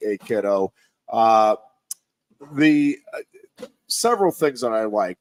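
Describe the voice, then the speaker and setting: A man in his thirties, a radio host and high school sports announcer, telling a story in a rambling, reflective way with many restarts. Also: no echo. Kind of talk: casual radio sports chat.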